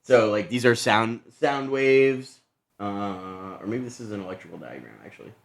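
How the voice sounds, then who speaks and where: A man's voice: lowish voice, moderate pace, gravelly. A man hosting a podcast in casual chat, laid-back, laughing often and trailing off with fillers. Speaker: podcast host.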